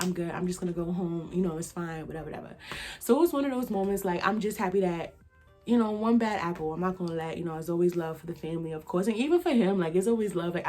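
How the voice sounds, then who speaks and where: A woman's voice: medium pitch, a little mellow. A woman speaks in a casual storytime vlog. Her comes through as she rambles loosely. Fillers and asides to her viewers come up all the way through. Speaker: vlogger.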